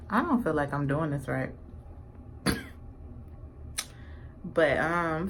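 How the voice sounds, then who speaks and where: A woman's voice: lowish voice, sing-song, takes it slowly, pauses often, slight background noise. A young woman, a little tipsy, chatting casually through a makeup tutorial, rambling and swearing in playful trash talk. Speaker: beauty vlogger.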